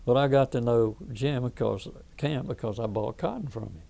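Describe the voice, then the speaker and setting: An oral history interview captures a Southern-accented veteran in his eighties wandering through anecdotes and restarting sentences often. His voice is medium-pitched, gravelly and mellow, with a moderate pace.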